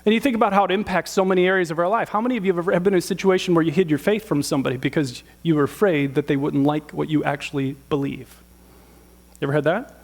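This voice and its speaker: A man's voice: fairly high pitch, steady tone, very fast. A man in his fifties, a pastor, preaching a sermon to a congregation, telling a personal story and asking the room rhetorical questions. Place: church hall with audience.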